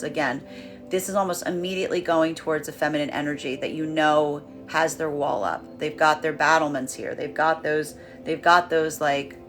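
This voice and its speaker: A woman giving a casual tarot reading, talking in a chatty, animated way with many fillers. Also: low-pitched. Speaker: tarot reader. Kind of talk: casual spiritual reading monologue.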